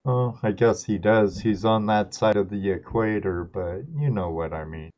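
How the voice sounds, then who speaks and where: A man's voice: lowish voice, normal speed, darkish tone. A middle-aged man from Southern California, hosting a live stream and rambling through stories, laughing at himself. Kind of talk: casual chat. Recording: dull lo-fi stream audio.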